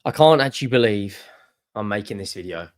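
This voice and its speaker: A young man ranting in a fan video, swearing often and swinging from low muttering to loud exasperated outbursts. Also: lively intonation, a little fast. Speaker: football fan vlogger.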